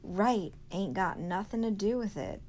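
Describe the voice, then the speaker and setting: A woman voicing a blunt, plainspoken older woman with a flat, matter-of-fact delivery, read slowly from a storybook. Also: mid-range voice, a little hiss or hum, close to an everyday voice.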